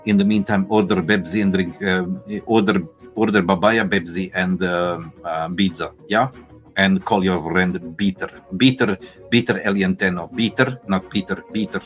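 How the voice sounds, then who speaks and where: A deep-voiced, obliging male call-center agent, put on by a man, who keeps swapping P sounds for B. The voice sits noticeably lower than the speaker's usual pitch and stays chirpy and helpful throughout. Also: moderate pace, faint music behind, natural voice. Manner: swaps P sounds for B.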